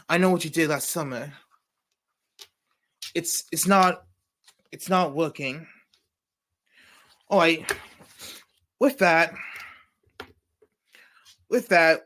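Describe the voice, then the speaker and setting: A man's voice: on the high side, fairly bright tone. A man hosting a comedy news segment, reading jokes with frequent stumbles and self-corrections. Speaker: comedy show host.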